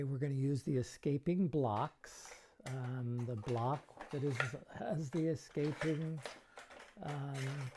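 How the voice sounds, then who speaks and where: Man, middle-aged, gravelly voice, mellow tone, chatty magic coach, playful asides. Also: medium pitch. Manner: chatty, acts out kids' show banter in playful voices. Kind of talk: casual tutorial talk.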